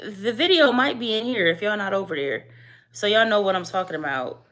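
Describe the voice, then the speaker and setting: Hoarse, chatty mom vlogging. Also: female voice, medium pitch, a little fast. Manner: chatty, animated storytelling, addresses viewers as y'all. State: hoarse, voice going out. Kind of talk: casual chat to camera.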